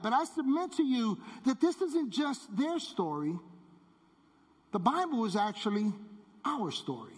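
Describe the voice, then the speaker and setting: High-voiced preacher in a reverberant hall. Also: male voice, big pitch swings, measured pace. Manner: emphatic preaching, repeats phrases, drops low for key words. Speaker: pastor. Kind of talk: sermon.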